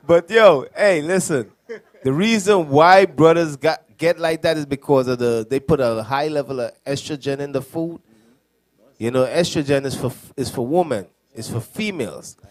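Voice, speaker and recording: A man's voice: fairly high pitch, measured pace, pauses often, dry recording. A young man serving as a deacon, speaking loosely and conversationally in a classroom, laughing at his own jokes. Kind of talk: classroom teaching.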